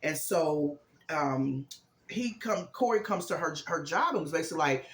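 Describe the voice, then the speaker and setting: Speaking at a moderate pace with lively intonation, this woman has a deep voice that echoes in the room. She's a vlogger chatting through a movie's story, dramatizing characters' lines with emphasis and scattering fillers such as "um" and "this, this, and that."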